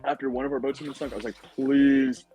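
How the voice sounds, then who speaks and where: A young man talking as a podcast guest, telling his story in an animated, casual way, full of "like" and "dude". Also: racing, highs cut off, soft background music. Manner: animated storytelling, acts out quotes in high voices; says "like" and "dude" a lot. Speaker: podcast guest, former contestant.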